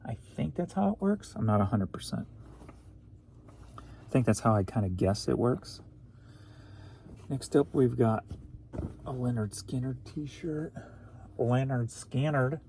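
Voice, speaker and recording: Gravelly, mellow-voiced man rambling. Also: medium pitch, lively intonation, unhurried, pauses often, a little hiss or hum. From St. Louis area, USA. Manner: goofy, rambling, jokey asides. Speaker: eBay reseller. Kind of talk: casual rambling sales recap.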